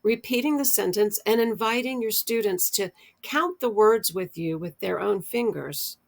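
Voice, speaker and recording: A middle-aged American woman explaining early literacy skills, speaking deliberately and drawing out her example words. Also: medium pitch, vocal fry. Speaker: literacy educator. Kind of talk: instructional explainer.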